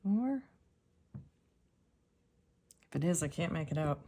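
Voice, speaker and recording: A woman casually narrating a jewelry unboxing, soft-spoken and sometimes dropping to a whisper as she examines pieces. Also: low voice, expressive, takes it slowly, a little hiss or hum. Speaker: jewelry reseller.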